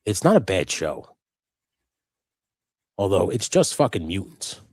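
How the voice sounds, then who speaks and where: Man, very low voice, dry close sound, casual rambling chat, frequent swearing. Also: very animated, measured pace, a little mellow, no echo. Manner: loose and rambling, swears a lot. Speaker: co-host of a live customizing stream.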